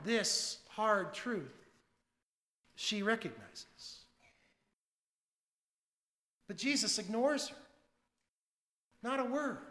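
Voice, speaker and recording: A male pastor preaching a sermon, swinging between loud emphatic lines and hushed asides. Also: high-pitched, very animated, drawn-out words, long pauses, reverberant, in a large hall.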